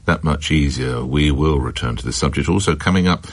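A male radio host taking calls, brisk and reassuring with his callers. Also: a bass voice, no room sound. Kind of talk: phone-in radio presenting. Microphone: studio mic.

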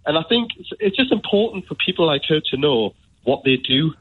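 On a tinny phone line, a Newcastle man with a Geordie accent calls a radio show to tell a moving story. His voice runs on the high side and sounds husky, with lively intonation and a brisk pace, and he rambles with plenty of "you know."

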